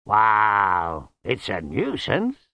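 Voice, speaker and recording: A huge, calm yeti from a storybook rumbles along in slow, loud, drawn-out phrases, as a man narrator puts him on. The delivery is unhurried and amiable. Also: dry recording, narrow, tinny audio, heavily acted. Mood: placid. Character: large gentle male yeti, calm and amiable.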